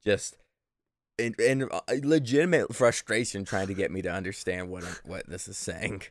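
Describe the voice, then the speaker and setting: A man's voice: low voice, normal speed, no echo, studio quality. A young man telling rambling stories in a casual podcast chat, swearing freely. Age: young adult. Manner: rambling, animated storyteller who swears freely.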